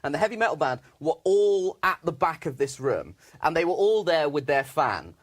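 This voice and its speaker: A male comedian with a high voice spins an animated comic anecdote on a panel show. He talks in quick bursts and drives each punchline home. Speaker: stand-up comedian guest.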